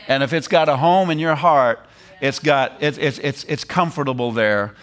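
A middle-aged man preaching a sermon, animated, repeating phrases and laughing as he drives points home. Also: medium pitch, normal speed.

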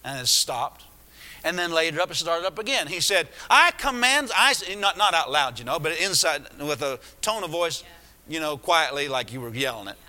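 A man's voice: on the high side, lively intonation, normal speed, pushed and bright. A man preaching a sermon, retelling a story with many restarts and asides. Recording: echoey hall.

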